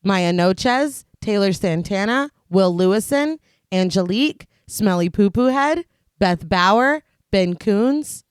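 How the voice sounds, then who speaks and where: Tired woman reading names slowly. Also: medium pitch, expressive, smooth, dry recording, studio quality. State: tired, losing her voice. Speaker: podcast co-host. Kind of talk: reading a patron thank-you list.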